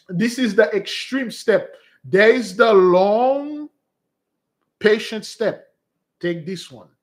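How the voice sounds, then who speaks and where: A man talking casually to his followers as a spiritual fasting leader, exhorting them and calling them beloved, with rambling asides. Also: on the high side. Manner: exhorting, calls listeners beloved.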